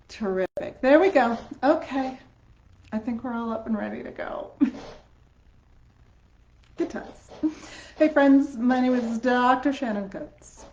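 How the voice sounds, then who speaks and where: A woman with a Canadian accent, a voice teacher chatting on a live stream, upbeat and quick to laugh. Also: on the high side, darkish tone, slight background noise. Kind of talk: casual live-stream chat. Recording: echoey room, slightly dull sound.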